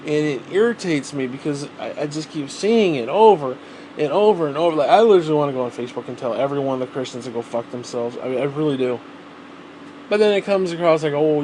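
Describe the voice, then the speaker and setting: Profane ranting man, fairly high voice. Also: darkish tone, a little hiss or hum. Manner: profane, rambling and exasperated. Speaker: vlogger. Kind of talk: solo rant to camera.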